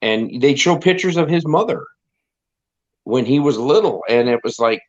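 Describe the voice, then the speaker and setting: A man's voice: mid-range voice, expressive, normal speed. A middle-aged man chatting on a live stream, rambling and wry and often repeating himself. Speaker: stream co-host. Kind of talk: casual chat on a live stream. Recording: slightly dull lo-fi stream audio.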